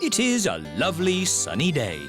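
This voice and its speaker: A man's voice: high voice, huge pitch swings, moderate pace, over music. A man narrating a children's cartoon in a cheerful, plain storybook manner.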